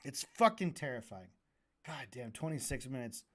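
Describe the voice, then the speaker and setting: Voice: medium pitch, expressive, moderate pace. A streamer reacting to a debate, ranting and mocking in a profane voice.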